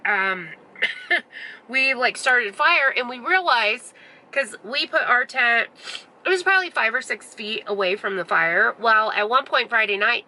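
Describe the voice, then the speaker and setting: A young woman vlogger chatting through a long story in a bright, sharp voice with a gravelly edge. She rambles and swears casually, leaning on "like" in nearly every line. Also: mid-range voice, slight background noise, low-quality recording. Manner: chatty, profane, full of "like" fillers. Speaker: beauty vlogger.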